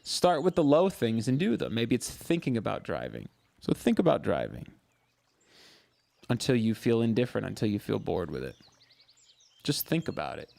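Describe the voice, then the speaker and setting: A therapist with a mid-range, creaky voice hosts a live mental health Q&A stream. He answers viewers' questions warmly, like a coach, repeating phrases for emphasis.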